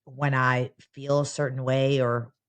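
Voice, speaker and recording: Really deep-voiced woman, frank and casual, swears a bit, lots of ums. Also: level tone, unhurried. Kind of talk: casual podcast chat.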